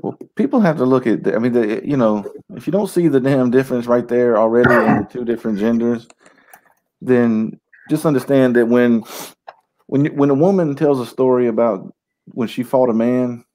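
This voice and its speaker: A male co-host riffing in casual, crude banter, swearing constantly and jumping around in pitch as he rants. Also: moderate pace, mellow.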